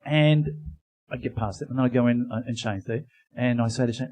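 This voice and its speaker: A man's voice: medium pitch, a little fast, a little mellow, rough recording. Man telling a rambling anecdote. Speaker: podcast co-host. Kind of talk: live comedy podcast storytelling. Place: live venue with audience.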